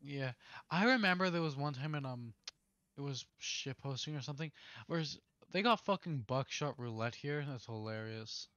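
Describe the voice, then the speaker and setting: A man's voice: medium pitch, lively intonation, normal speed, pushed and bright, no echo. Crude young gamer guy on muffled mic. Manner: blunt, crude and swearing. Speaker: co-player on stream. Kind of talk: casual gaming chat.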